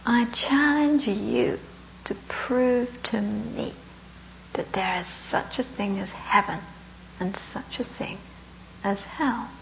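A fierce, towering samurai warrior , voiced by a woman telling a teaching story, lays down his challenge slowly and deliberately. The voice has a gravelly edge and sits a little high. It comes through a dull lo-fi recording with a faint hum behind it. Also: lively intonation, full character voice. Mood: stern.

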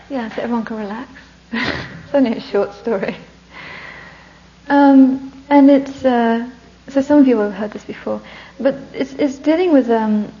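A woman gives a Buddhist talk built around a story, slipping into breathy whispers for emphasis and laughing between lines. Her voice sits a little high, with a gravelly edge. It is heard on a dull lo-fi recording with a faint hum behind it. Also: dark tone. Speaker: Buddhist teacher.

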